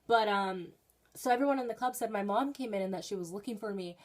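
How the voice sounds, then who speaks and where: A woman's voice: mid-range voice, fast talker. Chatty teenage girl vlogging from her bedroom. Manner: chatty, rambling, with bursts of excited emphasis. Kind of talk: casual storytelling vlog.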